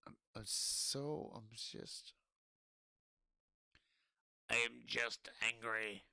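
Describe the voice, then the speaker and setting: Drunk angry man with a gravelly voice. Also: medium pitch, fairly even intonation, bright, forceful tone, no echo. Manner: angry, profane and halting. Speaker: streamer. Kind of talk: ranting casual stream talk.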